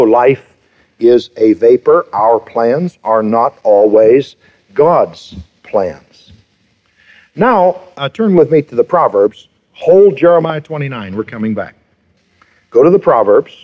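A man's voice: mid-range voice, expressive, slow, pauses often. A pastor in his fifties preaching a sermon, emphatic, with rhetorical questions and repeated phrases. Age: 50s. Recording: dull lo-fi sermon recording.

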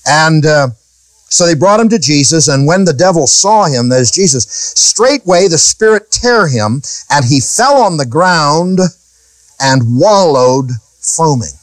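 A male preacher teaching from scripture with emphatic delivery. He keeps throwing rhetorical questions at his listeners, and his pitch rises and falls widely. The sound is dry and close, with no room echo. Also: animated, measured pace. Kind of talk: Bible teaching sermon.

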